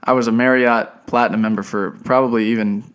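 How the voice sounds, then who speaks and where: A young man co-hosting a podcast tells a personal story in an easy, chatty way. He slips into the voices of the people he quotes. His voice sits at a middling pitch. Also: fast, clear, resonant tone. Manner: animated, acts out quoted people. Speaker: podcast co-host. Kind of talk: casual storytelling chat.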